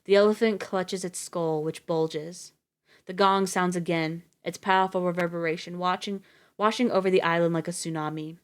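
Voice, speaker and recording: A woman reading a novel aloud on a live stream, steady with the odd slip and restart. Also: fairly low pitch, moderate pace, clean tone.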